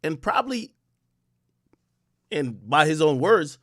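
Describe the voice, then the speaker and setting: A man's voice: fairly high pitch, sing-song, slow, fairly bright tone, no echo, studio quality. A man hosting a livestream, rambling through casual commentary and repeating himself. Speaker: livestream host.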